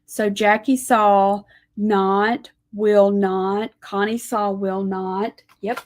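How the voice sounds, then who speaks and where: A woman teaching a live lettering lesson, talking gently to viewers as she draws and reads scripture. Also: mid-range voice, little pitch movement. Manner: slow, gentle, talks to viewers while drawing.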